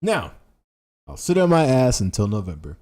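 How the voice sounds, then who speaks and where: A man's voice: medium pitch, wildly swooping pitch, moderate pace, warm tone. A man ranting casually about politics, reading headlines aloud, stumbling and restarting, hammering points with repetition. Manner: stumbling over words, many restarts; emphatic, repeats phrases for effect. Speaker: political commentary streamer.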